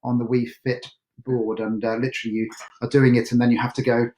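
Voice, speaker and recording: A man's voice: mid-range voice, little pitch movement, fairly quick, darkish tone. A man hosting a casual question-and-answer chat at home, rambling and poking fun at himself with plenty of fillers. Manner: chatty, self-mocking, rambling with fillers. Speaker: host. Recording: echoey room.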